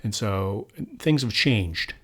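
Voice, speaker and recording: A man's voice: on the low side, expressive, takes it slowly. A man co-hosting a movie review podcast in a loose, casual chat, often trailing off with fillers and restarting his sentences. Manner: rambling, full of fillers and restarts. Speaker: podcast co-host.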